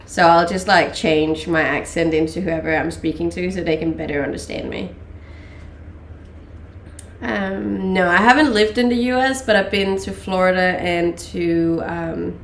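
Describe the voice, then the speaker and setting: A Danish woman in her late twenties talks casually on her live stream, her English carrying a blend of accents. Her voice has some fry and a gravelly edge, and it sits in an echoey room. She chats loosely, full of ums and small laughs. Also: lowish voice, unhurried, slight background noise. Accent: Danish with mixed English accents. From Denmark. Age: late 20s. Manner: chatty, many ums and laughs. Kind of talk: casual chat reading live chat.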